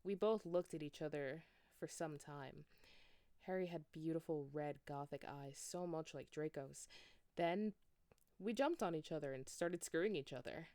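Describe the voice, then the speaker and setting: A woman's voice: low-pitched, unhurried, warm tone, dry recording. A woman giving a comedic, mock-dramatic reading of fan fiction, sometimes exasperated.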